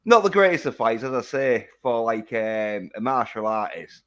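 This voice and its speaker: A man's voice: mid-range voice, lively intonation, crowd noise. Rambling, foul-mouthed man. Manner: rambling, profane, halting with many fillers. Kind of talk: casual chat.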